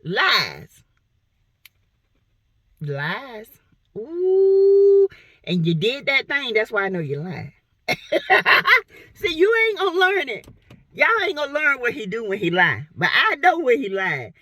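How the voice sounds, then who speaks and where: A woman's voice: mid-range voice, sharp tone, no echo. A woman from South Carolina giving blunt, sassy gossip commentary on reality TV. She talks to her viewers in a playful, exclamatory way.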